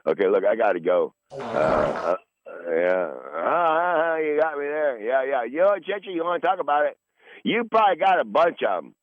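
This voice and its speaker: A podcast host in his sixties, medium-pitched and animated, talks at a moderate pace in a casual, rambling monologue. It's full of profanity and repeated words. The recording is dull, lo-fi, and dry.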